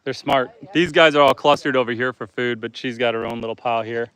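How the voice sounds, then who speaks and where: A man's voice: medium pitch, steady tone, quick pace, a bit bright, clear, resonant tone. A man hosting a live stream from his homestead, chatting casually, talking to his goats and reading out viewer comments. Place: outdoors on a homestead among goats.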